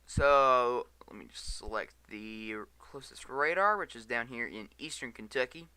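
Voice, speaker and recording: A man's voice: medium pitch, a little slow, pushed and bright, clean tone, dry recording. A tired man giving live weather radar commentary, reading storm warnings aloud and stumbling over place names. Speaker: storm chaser livestreamer.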